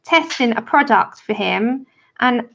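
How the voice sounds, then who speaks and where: Gravelly woman, chatty livestream host. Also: on the high side, lively intonation, measured pace, fairly bright tone, muffled recording. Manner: chatty storytelling, laughs often. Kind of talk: casual chat while colouring on a livestream.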